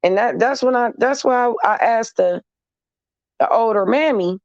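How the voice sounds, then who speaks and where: A man's voice: extremely high pitch, moderate pace, no echo. A man talking casually to camera in an emphatic, sassy, repetitive way, as in a vlog monologue. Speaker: vlogger. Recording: dull, dry lo-fi recording.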